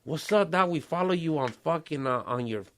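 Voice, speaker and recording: A man's voice: a little high, animated, normal speed, a bit bright. A man, hosting a casual podcast chat and talking streetwise slang with Spanish phrases and swearing. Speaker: podcast host.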